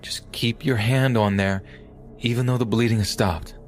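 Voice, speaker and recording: A man voicing a calm male emergency dispatcher who reassures an injured caller. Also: medium pitch, normal speed, soft background music, voice pushed up, natural voice. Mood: calm, reassuring. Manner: steady, reassuring, urgent.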